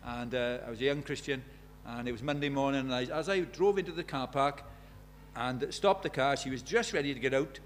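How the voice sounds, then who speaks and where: An older man preaching an evangelistic sermon, impassioned, dropping to a hush and then rising loud. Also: medium pitch, brisk. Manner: impassioned, swings from hushed to loud.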